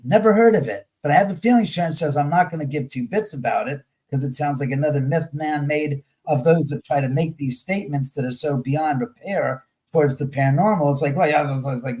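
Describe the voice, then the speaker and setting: A man with a somewhat high voice talks in a blunt, salty way, mixing in curses. He gets animated and mimics what other people say. He sounds middle-aged, speaking over a video call. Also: rough recording. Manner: blunt, profane and animated, acting out quoted voices. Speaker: guest. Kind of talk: casual chat.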